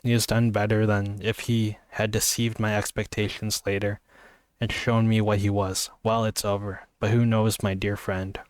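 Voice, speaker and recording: A man voicing an emotional young woman in love, reading in an earnest, halting way from a novel. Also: fairly low pitch, little pitch movement, smooth, no echo, studio quality, lightly acted. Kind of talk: amateur book reading.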